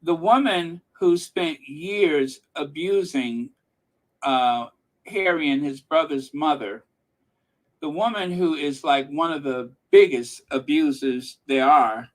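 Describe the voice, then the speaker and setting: A man's voice: a little high, takes it slowly. A man hosting a casual reaction channel, speaking sarcastically and emphatically to his viewers and live chat. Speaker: commentary channel host.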